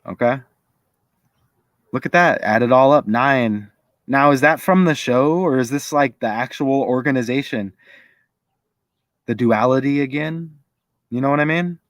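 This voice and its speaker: A man's voice: mid-range voice, unhurried, pauses often, no echo. A man giving casual commentary to his viewers, chatty and thinking aloud as he goes. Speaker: video creator.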